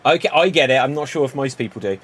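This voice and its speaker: A man hosting an improv comedy show, briskly calling on players one after another. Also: mid-range voice, fairly bright tone, breathy edge. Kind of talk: live improv game hosting.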